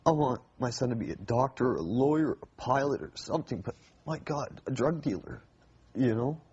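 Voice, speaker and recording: A man's voice: mid-range voice, lively intonation, moderate pace, darkish tone, breathy edge, lo-fi sound. A man appearing as a parent guest on a talk show, speaking earnestly and with exasperation about his son. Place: TV studio stage.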